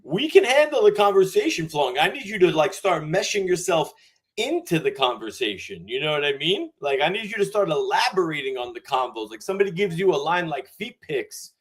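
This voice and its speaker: A man hosting a live crypto stream, talking in hyped, slangy bursts full of shout-outs. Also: fairly high pitch, big pitch swings, brisk. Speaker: host. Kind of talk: casual live-stream chat.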